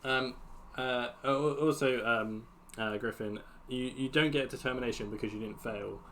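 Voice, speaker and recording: A man's voice: medium pitch, normal speed, a bit bright, slight background noise. A man running a tabletop game on a live stream, talking in loose, rambling sentences with fillers. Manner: rambling with many fillers and restarts. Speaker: game master.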